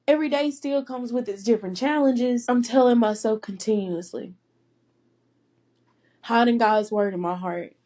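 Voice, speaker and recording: Young woman, faith podcast host, a touch high-pitched, earnest and teary, laughs often. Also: mellow. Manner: heartfelt and earnest, breaks into laughter between phrases; emotional, close to tears at times. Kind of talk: personal faith podcast monologue.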